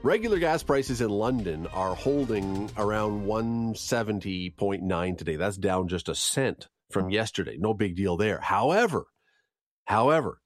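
A morning radio host with a lowish voice reads the news, gas prices and the day in history, keeping things lively and chatty with jokes on the side. The sound is clean studio audio with no room sound.

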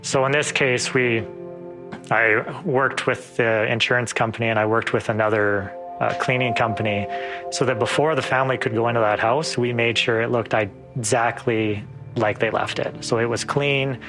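Male police officer, measured and earnest, music bed under. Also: medium pitch, fairly even intonation, a bit bright. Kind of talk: documentary interview.

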